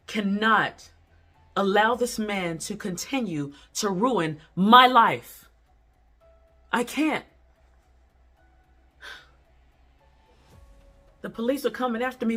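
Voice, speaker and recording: An actor performing a dramatic monologue as a distraught person haunted by a partner's leap, speaking in halting phrases broken by heavy sighs. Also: mid-range voice, slightly rough, lightly acted. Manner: halting, breaks off mid-sentence, heavy sighs.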